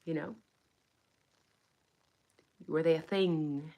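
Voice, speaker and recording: Casting note: young adult woman, slightly low voice, blunt and sarcastic true crime streamer who swears. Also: steady tone, extremely slow, warm tone. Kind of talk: casual livestream commentary.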